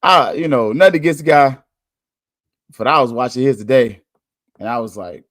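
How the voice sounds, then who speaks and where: A man hosting a podcast, talking candidly in a casual monologue, chatty and quick to laugh. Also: mid-range voice, a bit bright, dry recording, clean studio sound. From United States. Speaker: podcast host.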